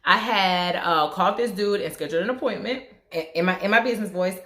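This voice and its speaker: A woman's voice: fairly quick, fairly bright tone, roomy sound. A young woman with a Southern country twang, talking candidly and casually in a get-ready-with-me vlog. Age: young adult. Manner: candid, conversational, shifts into higher voice for quoted business tone. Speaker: vlogger.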